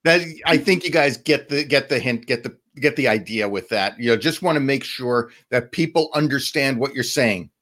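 A man's voice: medium pitch, animated, normal speed, hardly any pauses, fairly bright tone. A man co-hosting a podcast, explaining advice casually and often restarting his phrases. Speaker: podcast co-host. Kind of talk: podcast chat giving business advice.

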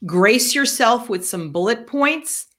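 Slow-paced New York woman cohost. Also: fairly high pitch, animated, fairly bright tone. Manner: direct, instructive, coaching tone. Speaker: podcast co-host. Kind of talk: podcast chat giving business advice.

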